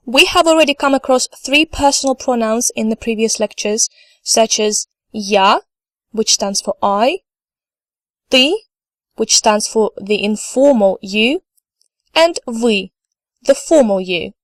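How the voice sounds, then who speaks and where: Woman, language teacher, slow and careful, slightly high voice, dry close sound, says words twice for learners. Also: no echo. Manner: careful, repeats each word twice for learners; encouraging. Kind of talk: scripted online lesson.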